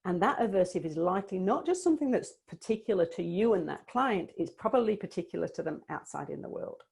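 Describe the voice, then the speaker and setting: Gravelly, husky-voiced woman coach. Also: mid-range voice, lively intonation, quick pace. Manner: warm, explanatory, thinking aloud with restarts. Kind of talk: online coaching presentation.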